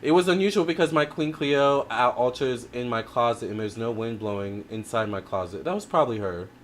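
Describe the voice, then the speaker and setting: Guy doing a tarot livestream, chatty and expressive, lots of ums, medium voice, bit of faint hiss. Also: mid-range voice, a little fast. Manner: chatty and expressive, many fillers and restarts; addresses viewers directly with frequent "all right?". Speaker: tarot reader hosting a livestream. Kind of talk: casual livestream chat reading viewer comments.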